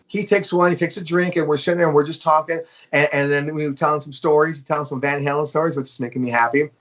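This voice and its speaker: A man in his fifties from Los Angeles, a guest drummer telling a profane, animated story with lots of fillers in a casual interview. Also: fairly high pitch, quick pace. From Los Angeles, USA.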